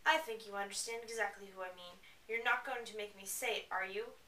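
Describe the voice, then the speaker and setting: A woman's voice: mid-range voice, steady tone, brisk, sharp tone, distant mic, slight background noise, close to an everyday voice. A woman doing a bitter, harsh teen boy. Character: bitter, angry teenage boy. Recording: roomy, away from the mic.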